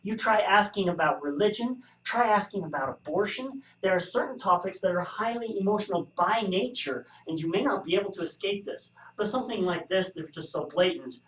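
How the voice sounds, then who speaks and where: A man's voice: high-pitched, animated, a little fast, hardly any pauses, fairly bright tone. A man teaching a statistics class, explaining survey bias with wry, joking asides. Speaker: statistics instructor. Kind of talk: recorded classroom lecture. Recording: echoey room, distant mic.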